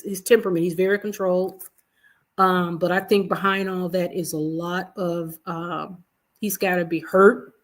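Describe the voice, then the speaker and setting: A woman hosting a casual livestream, giving blunt, animated commentary and talking straight to her viewers in the chat. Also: on the low side. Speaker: livestream host.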